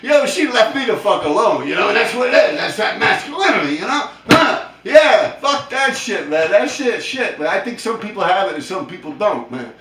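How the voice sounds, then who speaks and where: A man's voice: sits high, very animated, moderate pace, few pauses, fairly bright tone, reverberant, distant mic, a little hiss or hum. A man telling a funny story in casual, profane street slang, laughing hard as he goes. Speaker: storyteller vlogger.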